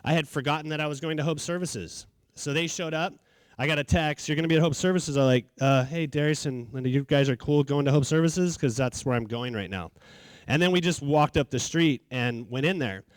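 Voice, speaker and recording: Middle-aged man, slightly high voice, loose and animated storyteller, dry close sound. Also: a little fast, clear, resonant tone, no echo. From California. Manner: casual, animated, acts out quotes. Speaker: charity founder, speaker. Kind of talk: storytelling talk.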